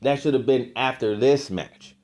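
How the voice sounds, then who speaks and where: A man's voice: medium pitch, normal speed, darkish tone. Heated, profane man ranting. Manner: profane, heated and exasperated, voice jumping up in frustration. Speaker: wrestling podcast co-host. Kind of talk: casual ranting commentary.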